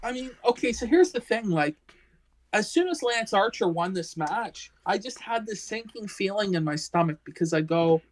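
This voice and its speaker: Woman co-host, casual stream chat, foul-mouthed exasperated rants, average pitch. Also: lively intonation, normal speed, a little mellow, low-quality recording. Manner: profane, exasperated ranting. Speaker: podcast co-host. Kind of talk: casual wrestling discussion.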